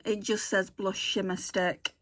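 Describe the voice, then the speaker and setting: In an unhurried, somewhat bright voice of medium pitch that barely rises or falls, a woman swatches makeup for her beauty vlog. She chats casually, thinking aloud and fixing her own wording as she goes.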